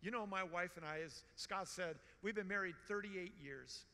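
Man in his 60s, high voice, bright and forceful, joking storyteller, long hall echo. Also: normal speed. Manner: animated, joking, emphatic repetition. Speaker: conference speaker. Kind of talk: storytelling conference talk. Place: large conference hall.

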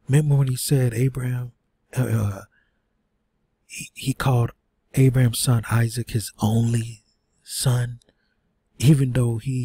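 A man's voice: medium pitch, mellow, slightly rough. A man teaching a sermon, reading scripture aloud and breaking in with earnest rhetorical questions. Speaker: preacher.

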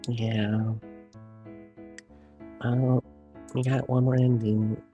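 A man's voice: mid-range voice, little pitch movement, drawn-out words, dark tone, lo-fi sound, faint music behind. A man streaming a story game, casually commenting and reading the game's text aloud.

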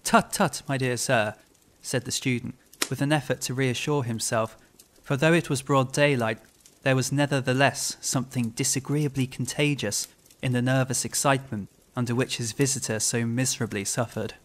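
A man narrating a classic ghost story in a measured, grave storytelling manner. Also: medium pitch, fairly even intonation.

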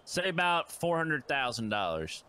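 Man, drawl, teasing wisecracker; bright, lively delivery. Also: on the high side, moderate pace, smooth. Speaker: roleplay partner. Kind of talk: casual in-character roleplay banter.

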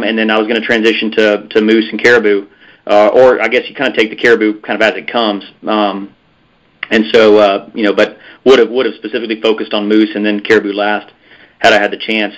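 A man's voice: medium pitch, a bit bright. Guy rambling thru a hunting trip story, um and uh everywhere, kinda dull lo-fi sound. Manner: rambling, many fillers and restarts. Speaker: podcast guest, hunter. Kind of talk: casual storytelling interview.

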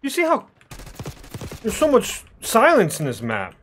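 A young man commentating his own gameplay, ranting and swearing constantly, often bursting into shouts. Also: sits high, huge pitch swings, measured pace, a little hiss or hum. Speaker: gaming YouTuber.

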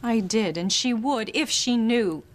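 A woman playing a measured, guarded society woman in a TV soap opera. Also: on the high side, close to an everyday voice.

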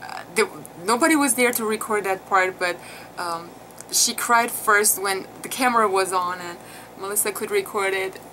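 A woman tells her viewers about giving birth in a casual vlog, speaking at normal speed with a medium-pitched, bright, forceful voice. The audio is poor with clearly audible background noise, and her telling is emotional, chatty, and full of fillers.

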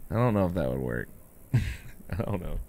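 A laid-back man streams a game with casual, rambling commentary, and his pitch swings lively up and down. Game noise is clearly audible behind him. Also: normal speed. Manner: laid-back, rambling, says dude a lot. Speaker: gamer streamer.

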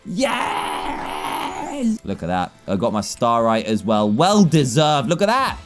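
Excitable young man doing game commentary. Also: medium pitch, moderate pace, over music. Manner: excitable, jokey, laughs often. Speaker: gaming YouTuber. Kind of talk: let's play commentary.

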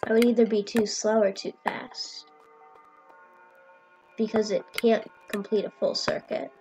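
A woman's voice: mid-range voice, little pitch movement, unhurried, dark tone, faint music behind, poor audio. A woman hosting a gaming channel, plainly explaining her build and answering her guest with dry comebacks. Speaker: channel host. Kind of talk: narrating a game build.

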